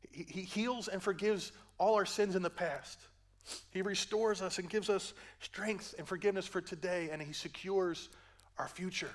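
An older man preaching a sermon as pastor, moving between hushed gentle passages and loud rising climaxes, with folksy asides. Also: sits high, fairly even intonation, moderate pace.

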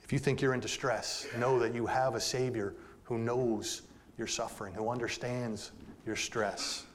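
A man preaching a sermon to his congregation, calling them "folks", moving between soft, intimate passages and loud, emphatic peaks. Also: medium pitch, moderate pace, a little hiss or hum. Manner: addresses listeners directly as "folks". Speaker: pastor.

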